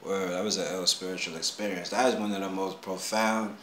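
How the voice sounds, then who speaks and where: A man telling a personal story in casual street slang, animated, dropping low and then rising to excited shouts. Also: brisk. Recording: roomy echo, faint background hum.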